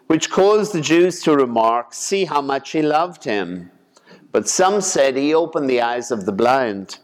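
Slow, reverberant church reader, man. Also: fairly high pitch. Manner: slow, measured, deliberate delivery. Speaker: priest. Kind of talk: gospel reading and homily.

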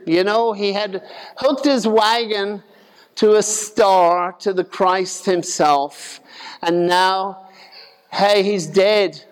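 A man's voice: high voice, slow, smooth, long reverb tail. A man preaching a sermon in a conversational way, acting out the voices of the people in his retelling.

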